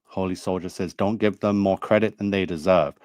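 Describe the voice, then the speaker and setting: A man's voice: low voice, fairly even intonation, brisk, darkish tone, dry recording. A man delivering a heated, accusing monologue to his video audience, repeating himself as he lays out his grievances. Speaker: video creator. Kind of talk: angry monologue to camera.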